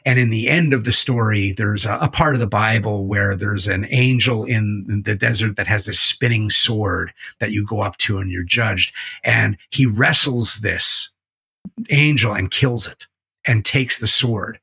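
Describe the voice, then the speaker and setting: Male interview guest, rough fry in the voice, breathy texture, profane storyteller. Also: on the low side, a little slow, sharp tone. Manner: profane, emphatic, retelling a book scene by scene. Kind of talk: candid conversational storytelling.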